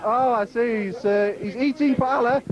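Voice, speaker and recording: A man's voice: extremely high pitch, moderate pace. A man acting as master of ceremonies, giving jokey, theatrical mock sports commentary at a crowded indoor event. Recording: muffled amateur video with loud crowd.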